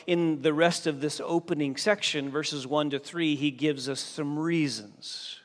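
A man preaching a sermon as a pastor, slow and emphatic, pressing hard on key phrases. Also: fairly high pitch, fairly even intonation. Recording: long reverb of a large hall.

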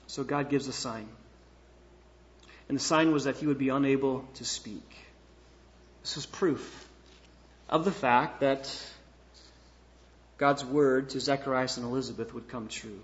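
A man preaching a sermon, reading scripture and explaining it, moving between hushed, slow passages and loud, emphatic ones. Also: mid-range voice, fairly even intonation, lo-fi sound. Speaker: pastor.

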